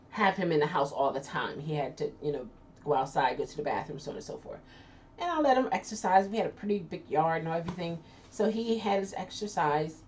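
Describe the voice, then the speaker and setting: A woman's voice: low-pitched, darkish tone. A woman hosting a casual live chat, talking loosely with frequent laughs and restarts. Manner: chatty, laughs often, trailing restarts. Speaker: host. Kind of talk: casual chat reading viewer comments. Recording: distant lo-fi mic with faint noise.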